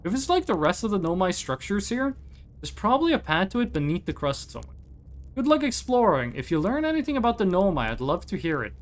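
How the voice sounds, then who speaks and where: A streamer reading aloud the lines of a nervous male alien explorer who is scared of space, in a rambling, apologetic manner and a mid-range voice that swings widely in pitch. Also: very animated, fast, lightly acted. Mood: friendly. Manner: rambling, self-deprecating, apologetic. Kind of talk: reading game dialogue aloud.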